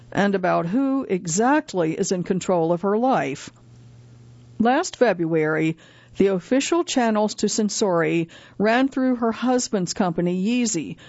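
A woman's voice: mid-range voice, a little mellow, dry recording. Woman reading a magazine feature. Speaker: article reader. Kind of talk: scripted narration of a magazine feature. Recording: slightly dull, dry close recording.

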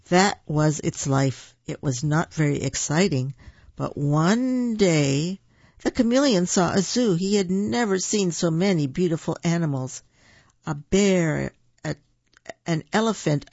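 A reader reading children's picture books aloud in a gentle, expressive way. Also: mid-range voice, creaky, no room sound. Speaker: storybook reader. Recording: dull, dry lo-fi recording.

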